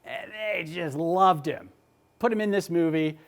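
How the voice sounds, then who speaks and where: A man giving a motivational talk, animated and emphatic, often repeating his words. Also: fairly high pitch, measured pace. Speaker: motivational speaker.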